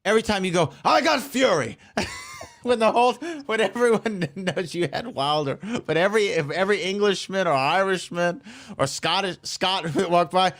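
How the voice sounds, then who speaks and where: Teasing, fairly high-voiced male co-host. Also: moderate pace, fairly bright tone. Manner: teasing, laughing as he talks. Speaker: podcast co-host. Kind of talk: casual chat.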